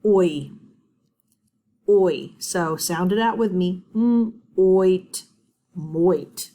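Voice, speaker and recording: Mellow-voiced woman teaching phonics. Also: on the low side. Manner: encouraging, sounds words out slowly. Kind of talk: phonics lesson for children.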